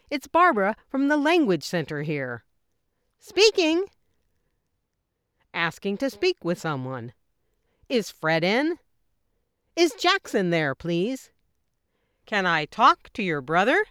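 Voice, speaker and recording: Woman, lesson reader: smooth, resonant voice, animated pitch on each phrase. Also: no room sound, clean studio sound. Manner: clear, measured delivery with lively lifts on each example. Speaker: English teacher. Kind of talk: reading example phrases.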